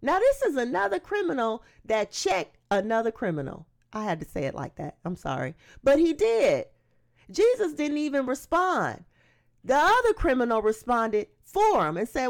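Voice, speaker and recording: A woman's voice: high voice, moderate pace, creaky. A woman preacher delivering a sermon. She reads scripture aloud and then explains it in an emphatic, conversational way. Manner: animated, emphatic preaching that breaks into acted-out quotes.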